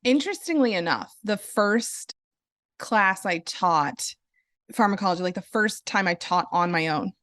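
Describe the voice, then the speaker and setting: Woman podcast host, earnest, animated, dry close mic sound. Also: mid-range voice, dry recording. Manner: animated, earnest, explains with quick asides. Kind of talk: casual podcast conversation.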